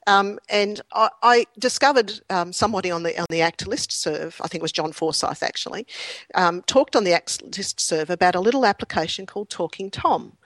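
A middle-aged woman, a clinical psychologist, chatting in an interview with lively anecdotes, ums and frequent laughter. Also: medium pitch, brisk, no echo. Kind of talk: conversational interview storytelling.

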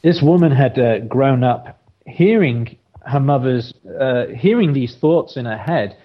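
A man's voice: medium pitch, lively intonation, unhurried, dull audio. A man, a therapist, telling a case story in an interview, with many restarts and filler words. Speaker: therapist, podcast guest.

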